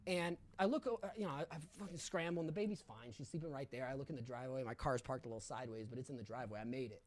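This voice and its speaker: A man's voice: mid-range voice, racing, a little mellow, slight background noise. A young man telling a candid story in casual talk, full of swearing and fillers. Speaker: podcast guest.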